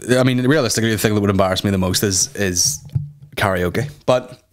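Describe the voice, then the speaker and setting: A young man tells a long, sweary comic story as a podcast host. His voice sits fairly low, but he often jumps into high mock voices when he quotes other people. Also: brisk. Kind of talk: casual comedic monologue.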